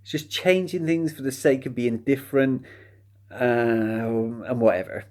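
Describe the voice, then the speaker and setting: A man's voice: mid-range voice, unhurried, a little mellow. A man giving a casual, chatty spoken film review, sardonic and mocking the plot.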